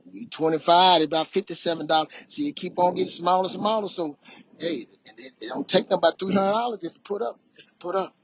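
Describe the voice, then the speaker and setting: A man talking casually on a walk, sharing life lessons in a preachy, repetitive, animated way. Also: a little high, husky. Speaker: motivational vlogger. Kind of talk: casual motivational talk. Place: outdoors on a walk. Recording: dull, lo-fi sound.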